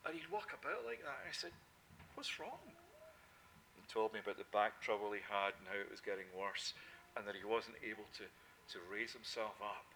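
A man preaching a sermon, swinging between loud, emphatic declarations and soft, intimate asides. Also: fairly low pitch, lively intonation, fairly quick, a little hiss or hum.

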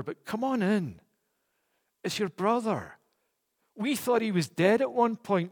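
A man voicing a gentle, pleading older father who begs his son to come in, in an earnest, imploring way. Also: high voice, long reverb tail, voice pushed up.

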